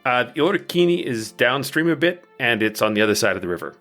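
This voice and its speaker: A man narrating a tabletop game as dungeon master, in slow, descriptive turns. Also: medium pitch, big pitch swings, fairly bright tone, faint music behind.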